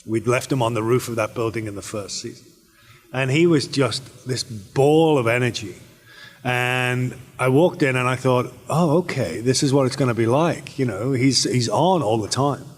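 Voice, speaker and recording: A man's voice: mid-range voice, moderate pace. British man answering fans in an echoey hall. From Britain. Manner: relaxed, rambling, with many fillers and restarts. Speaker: actor and panel guest. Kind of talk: convention panel Q&A. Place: convention panel hall.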